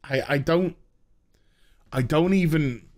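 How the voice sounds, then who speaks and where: A man's voice: on the high side, slow pace, darkish tone. A man ranting through a sarcastic, exasperated TV episode review, mocking the characters as he recounts the plot.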